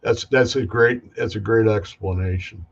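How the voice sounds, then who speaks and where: Rambling low-voiced male host. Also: moderate pace, slightly rough, dull audio. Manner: rambling, restarts often, asks questions. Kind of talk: casual video call chat.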